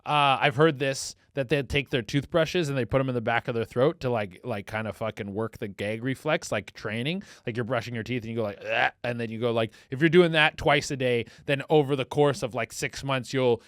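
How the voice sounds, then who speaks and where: A man in his thirties hosting a comedy podcast, rambling crudely and excitably and jumping into silly voices. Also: mid-range voice, fairly quick, hardly any pauses, no room sound, studio quality. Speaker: podcast host.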